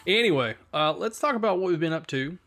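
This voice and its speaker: Male podcast host, animated and jokey, slightly high voice. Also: quick pace. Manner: playful, jokey. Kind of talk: casual chat.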